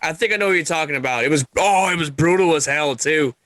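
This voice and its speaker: A man co-hosting a podcast, chatting casually about wrestling in an emphatic, animated way and swearing freely. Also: fairly high pitch, fast. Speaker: podcast co-host.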